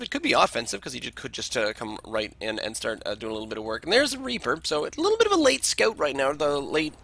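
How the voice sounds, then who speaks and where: Gravelly, lively male game caster. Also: medium pitch, a little hiss or hum. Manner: rambling, with joking asides. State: has a cold, congested sinuses. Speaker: game replay commentator. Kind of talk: casual game replay commentary.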